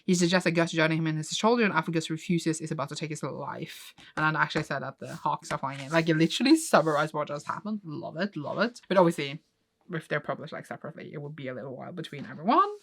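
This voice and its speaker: A woman casually retelling and reacting to a comic she is reading, excitable and emotional, often laughing and close to tears. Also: low voice, fast. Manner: excitable, gushing, laughs often, retells scenes with quoted voices. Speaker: manga reaction vlogger.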